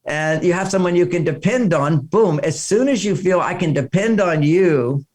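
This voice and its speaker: A man's voice: high-pitched, normal speed. An older man, an author being interviewed, telling stories and acting out the voices of people he quotes. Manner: animated storyteller, acts out quoted voices. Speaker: author guest. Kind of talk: interview conversation.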